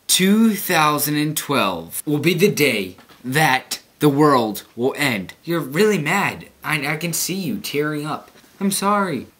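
A teenage guy in his late teens talks straight into his camera in a mock-serious, rambling way, as if announcing doom. His voice sits at an ordinary middle pitch for a young man. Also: a bit bright. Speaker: vlogger. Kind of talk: comedic vlog monologue.

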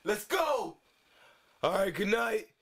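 A man voicing a hyper, fast-talking male bird who rambles excitably in a puppet comedy skit. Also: sits high, vocal fry, heavily acted. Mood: chummy.

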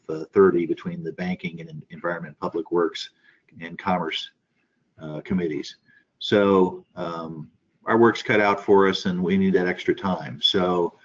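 Low-voiced man on a muffled conference call. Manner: halting, many fillers and restarts. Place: office in Washington.

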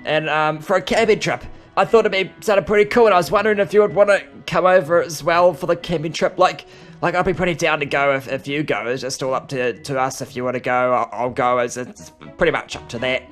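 Brief: young Aussie guy, higher voice, hesitant rambling player, light music under. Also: a little fast, a bit bright. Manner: rambling, hesitant, many restarts. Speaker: role-play player. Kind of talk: improvised game role-play. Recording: faint music behind.

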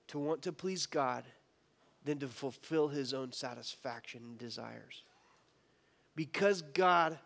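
A man's voice: a little high, a bit bright. A man preaching a sermon as pastor, impassioned and conversational, with frequent restarts. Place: church sanctuary. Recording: church hall reverb.

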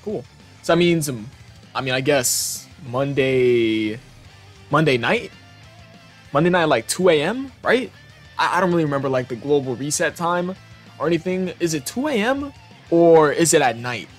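A young man hosting a gaming channel, reacting to memes in casual, excitable commentary that is full of swearing and frequent laughter. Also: on the high side, moderate pace, soft background music. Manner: excitable, profane, laughs often.

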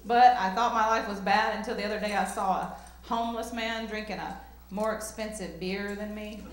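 Onstage in a comedy club with an echoey room, this young Southern woman from the countryside drawls through a self-mocking set on a handheld mic and now and then shouts out rap bits. She speaks at a moderate pace with medium pitch and fairly even intonation.

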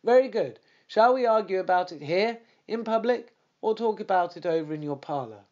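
Man playing a confident, crisp detective, pitched up, lo-fi sound. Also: expressive, moderate pace, a little mellow. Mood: assured. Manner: crisp, assured and commanding. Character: sharp, confident male detective.

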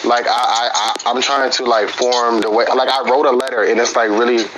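A man speaking into his phone on a live stream, halting and hesitant, his words full of fillers and restarts. His voice sits at a middling pitch. A clear hiss of noise runs under the audio. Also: level tone. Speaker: participant in a live-stream group session. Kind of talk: casual live-stream talk and reading a personal letter aloud.

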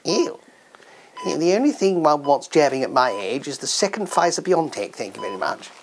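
Performer doing an old queen, regal, deadpan, dry, lively lilt, sketch comedy. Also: mid-range voice, normal speed, a little hiss or hum. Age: older. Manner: regal, speaks of herself as "one", deadpan. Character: elderly queen, dry and cutting.

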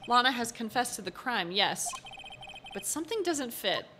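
A woman voicing a young male defense attorney in a calm, wry reading close to her own voice. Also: on the high side, normal speed, very noisy.

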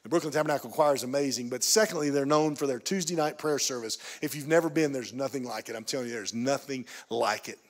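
A man pastor preaching a sermon in a church, telling a story that swings from hushed, quiet passages to emphatic, raised pleading. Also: medium pitch, fast, few pauses. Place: church sanctuary.

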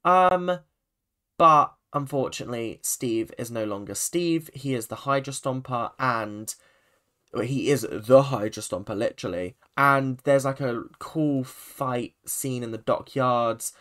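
A man's voice: medium pitch, measured pace. A man giving a casual, rambling spoken review of a TV episode, full of restarts and asides. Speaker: TV review vlogger.

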